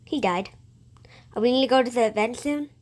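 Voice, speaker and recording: A woman co-hosting a casual gameplay video, rambling excitably with frequent restarts. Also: fairly high pitch, fairly quick. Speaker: gaming channel co-host.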